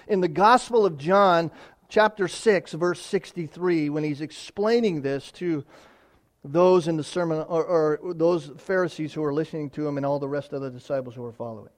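A man preaching a sermon, swinging from loud emphatic declarations to quiet, quick asides while reading scripture. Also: on the high side. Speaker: pastor.

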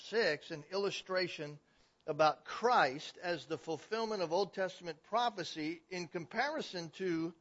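A man preaching a sermon, building from steady explanation to loud, emphatic declarations. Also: a little high. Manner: swells to emphatic, raised declarations. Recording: dull, lo-fi recording.

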